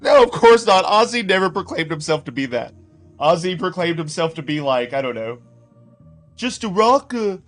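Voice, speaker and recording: Chatty higher-voiced man streaming. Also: lively intonation, fairly quick, a bit bright, faint music behind. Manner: chatty, laughs often, greets chat by name. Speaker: streamer reacting to clips. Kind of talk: casual live-stream commentary.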